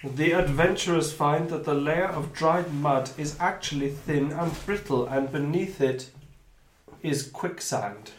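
A man's voice: fairly high pitch, measured pace, a little hiss or hum. A man running a tabletop adventure as game master, reading the scenes aloud between sweary asides. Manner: reads narration, then breaks off for sweary asides. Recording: echoey room.

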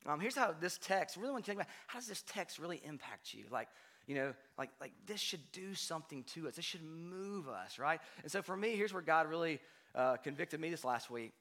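A man preaching a sermon in a conversational way, often checking in with "right?" and swinging from hushed to loud. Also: fairly high pitch, fast talker. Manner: conversational, frequent "right?" asides, animated swings from quiet to loud. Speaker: pastor.

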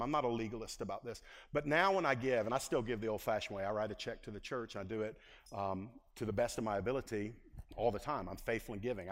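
Man preaching in a reverberant church. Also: medium pitch. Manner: conversational preaching, shifts between quiet asides and loud emphatic peaks. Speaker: pastor. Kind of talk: sermon. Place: church sanctuary. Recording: long hall reverb.

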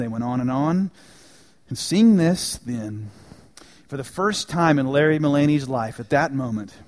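A man preaching a sermon in a church, telling a story with dramatic swings from loud emphasis to hushed, quiet lines. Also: mid-range voice. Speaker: pastor.

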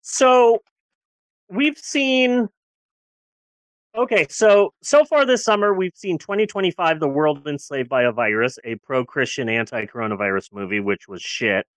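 Sarcastic and profane, this podcast co-host chats casually about movies, lurching between loud outbursts and low grumbles. He talks at a measured pace, and the recording is dry.

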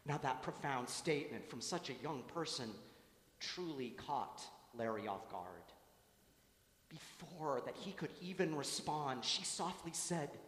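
Priest, homily, measured preaching delivery, recorded in a reverberant church. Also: male voice, on the high side, animated, a bit bright. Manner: measured preaching cadence with dramatic storytelling swells. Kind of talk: gospel reading and homily. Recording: echoey church with long reverb.

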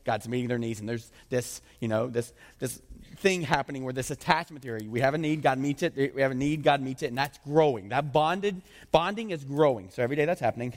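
A man preaching a sermon in a conversational, animated way that often drops to a low, intense voice. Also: fairly quick, in a large hall. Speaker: pastor.

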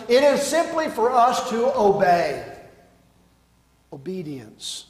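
A man preaching a sermon as pastor, swinging from loud declarations to hushed line endings. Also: sits high. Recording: echoey hall.

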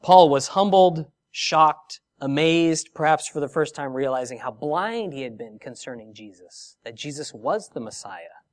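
A man preaching a sermon, expressive and emphatic, reading scripture and asking rhetorical questions. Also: a little high, unhurried, few pauses. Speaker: pastor.

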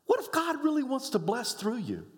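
A middle-aged male pastor preaching a sermon, swinging from low, quiet lines up to high shouts. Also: huge pitch swings, moderate pace, in a large hall. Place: church sanctuary.

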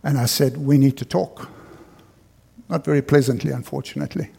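A man's voice: mid-range voice, steady tone, brisk, vocal fry, dark tone, breathy edge. A middle-aged man preaching a sermon as pastor, telling a personal story earnestly and repeating key phrases for emphasis. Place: church.

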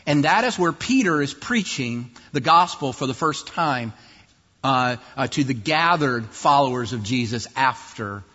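A man preaching a sermon in an explanatory, lively way, at times acting out other voices mockingly. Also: medium pitch, husky. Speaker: pastor. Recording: dull distant sound in a reverberant hall.

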